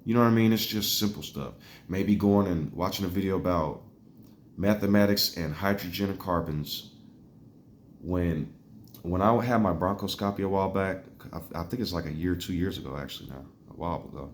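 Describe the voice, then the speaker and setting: A man's voice: low-pitched, moderate pace, a little hiss or hum. A man chatting casually to camera in a rambling way, laughing at himself and swearing.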